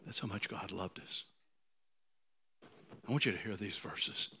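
A man in his sixties preaching a sermon, moved to tears, who swings from ringing high declarations down to hushed near-whispers. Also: measured pace, slight background noise. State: emotional, choked up. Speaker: pastor.

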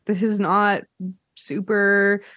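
A woman hosting a podcast, chatting casually about a reality show, animated and often laughing. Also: slow pace, no echo, clean studio sound. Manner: animated, laughs often, acts out quotes in high voices. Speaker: podcast host.

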